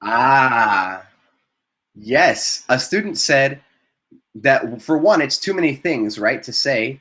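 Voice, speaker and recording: A man's voice: medium pitch, expressive, slow, sharp tone. A man teaching a live online Spanish class, modelling vocabulary and praising students with frequent encouragement.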